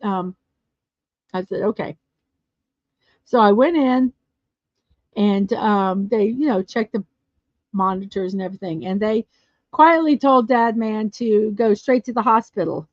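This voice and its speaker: A woman hosting a casual livestream chat show, chatty and quick to laugh as she tells stories and answers viewer comments. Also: mid-range voice, no echo. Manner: chatty, laughs often, storytelling. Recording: dull lo-fi dry sound.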